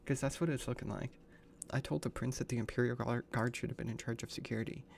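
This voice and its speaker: A man's voice: medium pitch, fairly even intonation, quick pace, gravelly, a little hiss or hum. A man streaming a game, reading the dialogue aloud and reacting with crude slang and frequent swearing. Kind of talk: casual gaming livestream commentary.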